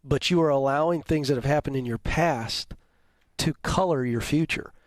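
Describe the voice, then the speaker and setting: Male career coach on the radio, somewhat high voice, calm and probing, dry mic. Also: moderate pace, no echo. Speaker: radio advice host. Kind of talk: call-in advice.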